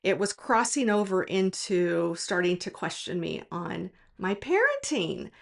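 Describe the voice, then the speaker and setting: Tutor lady chatting to her viewers, frank and reflective, middle-pitched everyday voice. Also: animated, measured pace, creaky. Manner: frank, reflective personal storytelling. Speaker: tutor and tutoring business owner. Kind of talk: casual storytelling vlog.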